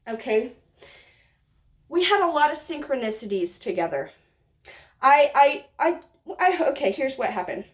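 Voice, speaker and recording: A young woman telling a personal story to her viewers in a rambling, gushing way. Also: sits high. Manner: gushing, rambling, heavy on "like" and "literally". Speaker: vlogger. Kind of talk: casual storytime monologue.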